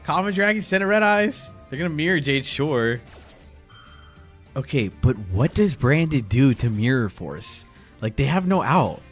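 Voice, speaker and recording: A young man streaming a card game, giggling and excitedly calling out each play as it happens. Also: medium pitch, a little slow, soft background music. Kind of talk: live gameplay commentary.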